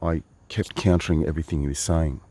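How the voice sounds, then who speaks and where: A wry Australian man with an extremely deep, low voice spins a rambling traveller's yarn. He talks in a casual, meandering way, full of asides and self-corrections. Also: fairly even intonation, fast talker, dark tone, breathy edge, dry recording. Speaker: travelling storyteller. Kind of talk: casual spoken monologue.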